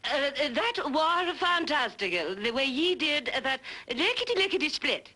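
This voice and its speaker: A vain stage actress, all grand gestures and endless darlings, voiced by a woman. Her voice sits high and bright, swooping freely in a breezy old-time radio comedy. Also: very animated, a little slow, heavily acted. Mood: grandiose. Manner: theatrical, affected, calls everyone darling.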